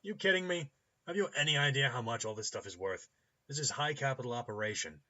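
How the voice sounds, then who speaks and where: A man voicing a hungover, cheerful male cyber-doctor with a loose Midwestern accent, shouting and joking. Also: mid-range voice, lively intonation, fast talker, dull audio, voice pushed up. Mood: boisterous. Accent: loose Midwestern American. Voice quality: shouty, boisterous, jokey.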